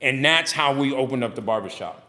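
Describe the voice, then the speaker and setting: A man, animated, telling his story in a casual interview and acting out other voices. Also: medium pitch, brisk. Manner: animated, preachy storyteller who acts out dialogue. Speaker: barbershop owner and guest.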